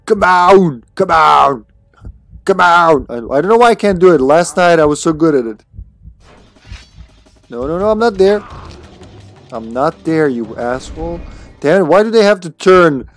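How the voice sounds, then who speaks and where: A man streaming a video game live, cursing and joking at the enemies while he plays, with a sore throat he keeps clearing. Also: fairly high pitch, very animated, normal speed, long pauses, dry recording. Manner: swears freely and jokes at the game. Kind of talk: casual live gameplay commentary.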